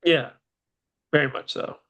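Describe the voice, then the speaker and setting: A man's voice: measured pace, a bit bright, muffled recording. A man co-hosting a podcast in casual chat, rambling with lots of fillers. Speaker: podcast co-host.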